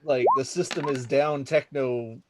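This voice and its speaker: A man's voice: medium pitch, fairly even intonation, unhurried, a little hiss or hum. A man playing in a tabletop game, rambling and restarting, full of "like". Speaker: player. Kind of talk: casual role-play chat.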